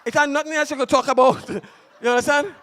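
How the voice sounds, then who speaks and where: A pastor preaching a passionate sermon, mixing stories with shouted exhortation. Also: male voice, extremely high pitch, steady tone, fast. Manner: impassioned, shouting preaching with storytelling.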